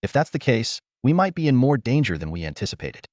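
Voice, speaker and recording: A man voicing an older, hearty veteran warrior who is resolute and proud, speaking in a booming, commanding way. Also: very animated, a little fast, darkish tone, no room sound, dull audio.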